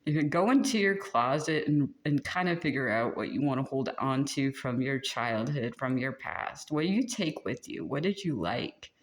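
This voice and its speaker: A channeled tarot reading delivered in a loose, chatty way. The reader drifts between thoughts, leans on filler words and keeps slipping into giggles mid-sentence, with a middling pitch. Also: expressive, moderate pace, hardly any pauses. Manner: rambling, many "like" fillers, prone to giggling. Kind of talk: casual spoken spiritual reading.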